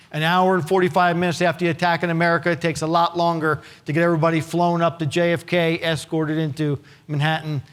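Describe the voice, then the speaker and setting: A man's voice: fairly high pitch, little pitch movement, fast talker, hardly any pauses, clear, resonant tone. A middle-aged man giving a keynote speech, telling a vivid story with acted-out quotes and wry asides. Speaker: keynote speaker. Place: conference hall with a live audience.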